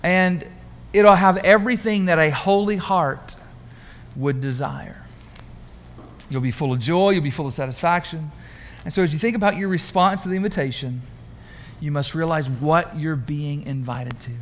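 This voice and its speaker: Male preacher, high voice, chatty and animated, quizzing his congregation. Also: moderate pace. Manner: conversational, animated, asks the congregation questions. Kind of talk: sermon. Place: church room.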